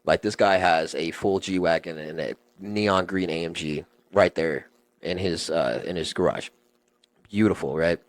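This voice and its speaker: A young man, a podcast guest, telling stories in animated, slangy casual chat and swearing freely. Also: deep voice, unhurried, dry recording.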